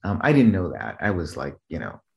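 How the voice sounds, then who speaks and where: A man's voice: very animated, a little fast, vocal fry. A man from the Boston area, a business trainer, telling stories in a loose, rambling way and checking in with "right?" as he goes. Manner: rambling, frequent "right?" check-ins and restarts; acts out quoted voices in a raised pitch. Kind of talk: casual conversational storytelling.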